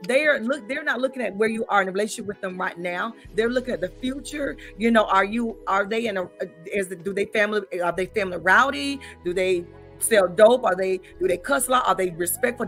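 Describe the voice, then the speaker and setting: A woman, hosting a talk show in a lively, playful way. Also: fairly high pitch. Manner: lively, playful, addresses guests as baby. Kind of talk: casual talk show chat.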